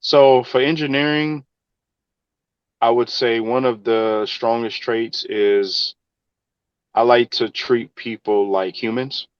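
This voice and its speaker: A man's voice: medium pitch, steady tone, slow, clear, resonant tone, no room sound, muffled recording. A man, an engineer in real estate, answering interview questions in an earnest, conversational way. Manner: earnest, advice-giving, conversational.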